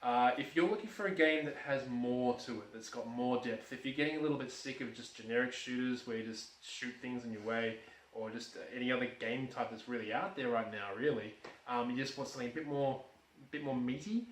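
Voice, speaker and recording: Fast-talking Australian man, echoey room. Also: medium pitch, slight background noise. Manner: fast, stammering restarts, laughs easily. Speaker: co-host. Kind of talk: casual review chat. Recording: echoey room, far from mic.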